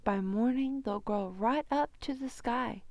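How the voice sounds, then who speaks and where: A sly little old man, voiced by a woman reading a storybook aloud. He leans in and lowers his voice, slow and secretive, with a gravelly edge. The sound is dry and close. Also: darkish tone, no echo.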